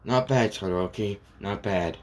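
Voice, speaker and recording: A man voicing a calm, confident young male fighter who gives steady, low-key advice in his own everyday voice. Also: normal speed, natural voice.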